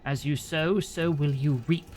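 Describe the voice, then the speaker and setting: A man voicing a pompous male walrus in a game, speaking slowly with lofty, grandiose diction. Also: a little high, fairly even intonation, darkish tone, faint music behind, lightly acted. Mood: haughty. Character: pompous male walrus who loves Latin.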